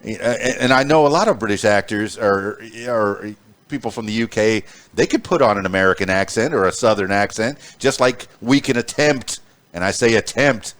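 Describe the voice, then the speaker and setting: A man's voice: on the low side, fairly bright tone. A man from Arkansas hosting a podcast, chatting playfully with frequent "uh" restarts. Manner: halting, many "uh" restarts, playful. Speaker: podcast host. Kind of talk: casual interview chat.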